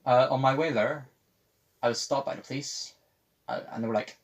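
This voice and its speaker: Mid-range and steady in tone, the young podcast host moves at a moderate pace through a meandering, profanity-heavy story, putting on voices for the people he quotes. There's faint noise in the background.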